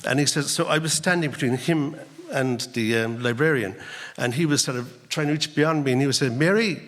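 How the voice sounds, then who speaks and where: An Irish man, an author and guest lecturer, tells a story to an audience in a lecture hall in an animated way, full of "right?" and "like.". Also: medium pitch, brisk. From Ireland. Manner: animated, acts out dialogue, frequent "right?" and "like" tags. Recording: reverberant hall.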